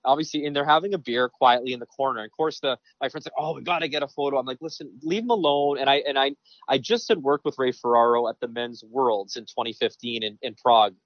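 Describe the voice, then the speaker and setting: A man, a sports broadcaster, telling lively anecdotes in a casual interview with many restarts. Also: mid-range voice, fast talker, no room sound. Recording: dry, dull lo-fi sound.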